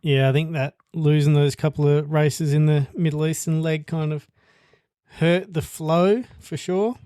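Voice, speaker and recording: A man co-hosting a podcast in casual chat, relaxed and a little hesitant, laughing easily. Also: a little high, measured pace, clean tone, no echo, studio quality. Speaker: podcast co-host.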